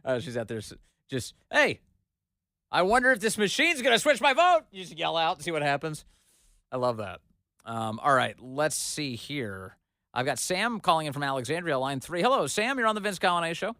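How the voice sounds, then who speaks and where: A man's voice: on the high side, a little fast, dry recording. Male talk radio host, dry studio sound. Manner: jokey, laughs easily, animated retelling. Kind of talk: casual talk radio chat with callers. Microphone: studio microphone.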